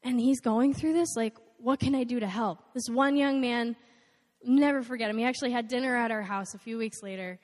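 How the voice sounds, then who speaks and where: Animated young woman in a reverberant hall. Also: fairly high pitch, brisk. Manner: animated, acts out quoted voices. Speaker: nonprofit volunteer speaker. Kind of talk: storytelling talk to an audience.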